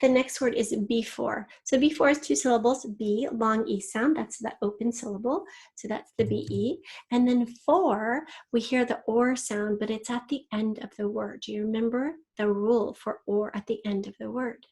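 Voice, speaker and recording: A woman's voice: on the high side, normal speed, darkish tone. A woman teacher giving a recorded spelling lesson to young children, walking through each rule step by step and stretching out the words she wants spelled. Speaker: third grade teacher.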